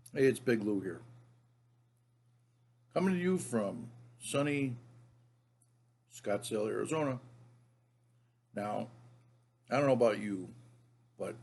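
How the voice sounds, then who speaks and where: A man's voice: on the low side, creaky, slight background noise. Folksy older man telling a story. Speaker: author. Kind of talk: storytelling to camera.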